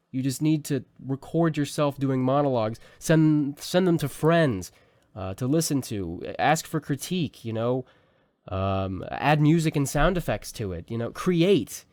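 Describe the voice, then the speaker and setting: Young male tutor, mid-pitched, loose and chatty, dry close-mic sound. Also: no room sound. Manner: relaxed, rambling, many fillers and restarts. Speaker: voice acting teacher. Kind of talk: casual tutorial talk. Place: small home room.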